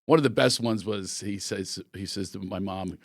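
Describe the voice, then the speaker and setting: A man's voice: low voice, moderate pace, no echo, studio quality. A middle-aged man from the Philadelphia area, a comedian guest telling stories and acting out voices from his life. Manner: animated, acts out voices in anecdotes. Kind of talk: storytelling interview.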